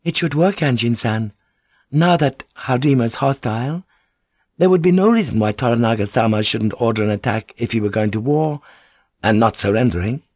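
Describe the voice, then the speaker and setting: A man voicing a gentle, formally polite Japanese noblewoman who speaks softly and apologetically. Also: mid-range voice, lively intonation, normal speed, dry recording, lo-fi sound, lightly acted. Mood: earnest. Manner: soft, apologetic, courteous.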